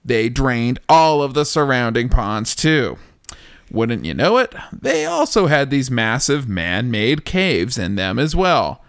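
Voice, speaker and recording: Male podcast host, animated storyteller, jokey and profane. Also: mid-range voice, slow, clear, resonant tone, dry recording, clean studio sound. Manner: jokey, swears, laughs a lot. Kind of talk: casual chat and story narration.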